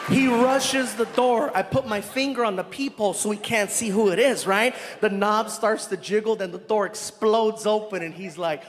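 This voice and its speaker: A male stand-up comedian telling an animated story live on a large stage and acting out the people in it. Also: high voice, normal speed, hardly any pauses. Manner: animated, laughing, acts out characters. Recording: live hall with a loud crowd and noise.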